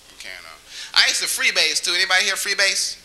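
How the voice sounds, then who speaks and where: A man's voice: high-pitched, huge pitch swings, fast talker, pushed and bright, slight background noise, rough recording. A man doing stand-up comedy in a small cafe, chatty and teasing the audience with questions, sometimes breaking into a crooning song. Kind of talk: stand-up comedy with crowd work.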